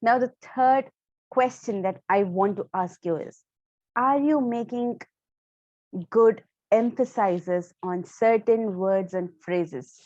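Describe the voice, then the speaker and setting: A woman teaching public speaking to camera. She stresses key words and uses deliberate pauses. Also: mid-range voice, a little mellow, dry recording, dull audio. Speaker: speaking coach. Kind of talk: instructional talk to camera.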